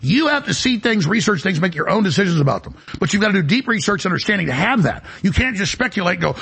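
Raspy gravelly talk host guy, boastful, jumps all over the place, pitch swings a lot. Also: sing-song, fast talker, hardly any pauses, fairly bright tone. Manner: emphatic, boastful, jumps between topics. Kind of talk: rambling radio talk show monologue.

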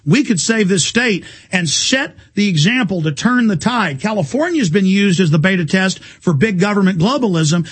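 A man hosting a political talk radio show, ranting fast and emphatically. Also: high-pitched, breathy edge. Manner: fast, fervent, emphatic rants.

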